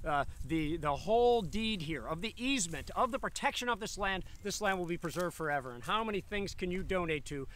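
Upbeat high-voiced host outdoors. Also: male voice, a little hiss or hum. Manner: energetic and chatty, with quick asides. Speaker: host for a preservation organization. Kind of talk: live outdoor presentation. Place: outdoors at the edge of a farm field.

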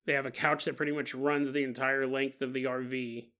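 A man's voice: mid-range voice, little pitch movement, fairly quick, pushed and bright. A man hosting a paranormal podcast, retelling a story casually with joking asides and laughter. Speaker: podcast host.

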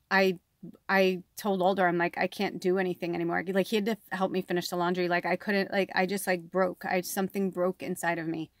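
A woman's voice: lowish voice, dry recording, studio quality. A woman speaking as a psychic medium in an emotional personal vlog, sounding worn out and distraught, swearing often and filling her talk with "like". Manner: frequent swearing and filler 'like'. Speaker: psychic medium and card reader.

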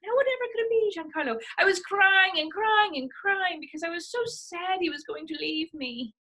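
A woman's voice: extremely high pitch, moderate pace, sharp tone, voice pushed up. A woman in an improvised comedy scene playing a scandalous, flirtatious grandmother, with a theatrical manner and swooping delivery. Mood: reminiscing. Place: home video call.

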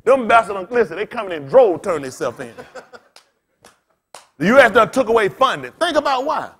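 A man preaching in loose storytelling style as a pastor, blunt and cussing, laughing as he swings between loud bursts and quiet asides. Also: high voice, sing-song, normal speed, slightly rough. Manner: blunt, street-talking, cussing. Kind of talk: storytelling sermon.

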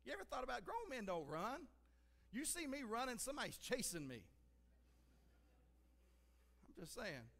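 Brief: male pastor, high-pitched, earnest conversational preaching, long church reverb. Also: wildly swooping pitch, normal speed, vocal fry, long pauses, a bit bright. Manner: earnest, conversational, repeats "listen" for emphasis. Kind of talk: sermon. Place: church sanctuary.

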